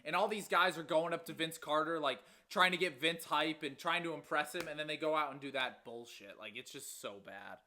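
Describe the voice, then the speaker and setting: A man's voice: fairly high pitch, a little fast, few pauses, bright, forceful tone. A man in his twenties co-hosting a casual sports podcast, ranting with exasperation and casual swearing. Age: 20s. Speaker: podcast co-host.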